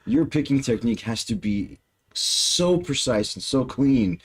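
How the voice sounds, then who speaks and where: A man's voice: medium pitch, animated, measured pace, husky. A man co-hosting a music reaction video in a casual chat, enthusiastic and often restarting his sentences.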